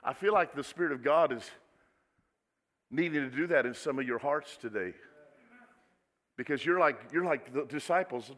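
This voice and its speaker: Bright-voiced male pastor in an echoing hall. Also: a little high, normal speed, pauses often. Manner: dramatic swings from soft asides to loud exclamations. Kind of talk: sermon. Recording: echoey hall with long reverb.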